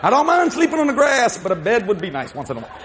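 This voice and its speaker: A man's voice: very high-pitched, huge pitch swings, quick pace, background noise, full character voice. A man voicing an anxious male apostle who urgently presses and repeats his questions. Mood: urgent pushy.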